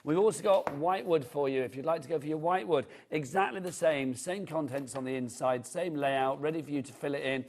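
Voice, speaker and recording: A man's voice: a little high, fairly quick, hardly any pauses, a little mellow. Upbeat man selling on live TV. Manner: upbeat, chatty, reads out buyers' names and item codes. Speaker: shopping channel presenter. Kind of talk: live shopping TV presenting. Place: TV studio.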